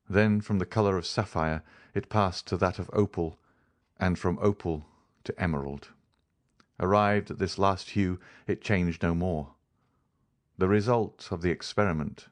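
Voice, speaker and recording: A man narrating a classic novel as an audiobook, in a steady, even storytelling manner. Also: low voice.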